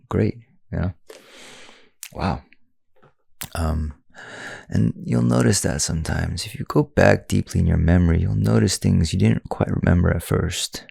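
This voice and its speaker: A podcast host with a low, gravelly, slightly mellow voice delivers a casual, reflective monologue in clean studio sound with no room sound. He rambles, leaning heavily on fillers like "you know" and "like."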